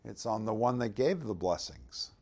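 A man preaching a conversational sermon, reading scripture aloud with loud swells and asking the audience rhetorical questions. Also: on the low side, animated, moderate pace, slightly rough. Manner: loud dramatic swells when reading verses.

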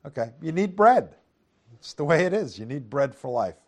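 A man's voice: on the high side, big pitch swings, moderate pace. Man teaching scripture with tag questions. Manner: asks rhetorical tag questions; reads scripture aloud in King James wording. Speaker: preacher. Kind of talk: Bible teaching.

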